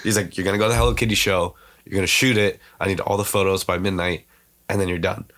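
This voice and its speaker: Deep-voiced man telling stories casually. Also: fairly even intonation, a bit bright. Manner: slangy, quotes others' words in quick reenactments; loose, full of filler "like" and "you know". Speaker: podcast guest. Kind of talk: casual storytelling chat.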